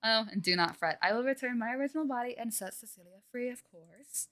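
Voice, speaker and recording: A woman's voice: on the high side, animated, fast talker. A woman voicing a scheming ancient spirit that possesses a young woman, speaking formally and condescendingly. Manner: formal, condescending, archaic phrasing. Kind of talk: voicing game dialogue on a livestream. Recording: game music playing loudly behind. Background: game music.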